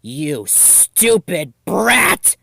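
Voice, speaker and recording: A man's voice: a little high, very animated, moderate pace, voice pushed up. A man doing a hot-tempered two-faced teen girl. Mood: furious. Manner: snapping, shouting.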